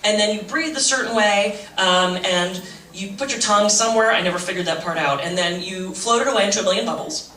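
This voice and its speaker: A middle-aged woman telling funny stories at a fundraising breakfast, later leading a slow, gentle meditation. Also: medium pitch, slight background noise. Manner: animated, jokey storytelling with self-mocking asides; shifts to slow, soft guided-meditation voice. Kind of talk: motivational talk on stress with humor. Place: large event room. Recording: echoey room, voice from a distance.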